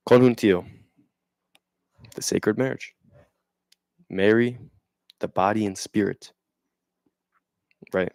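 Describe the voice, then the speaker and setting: Young man, very low voice, rambling slangy monologue, reads and riffs, dry close sound. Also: fairly even intonation, slow, vocal fry, long pauses, a little mellow, no room sound. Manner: rambling, slangy, checks in with "right?"; reads passages aloud then riffs on them. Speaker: vlogger. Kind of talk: casual explanatory monologue.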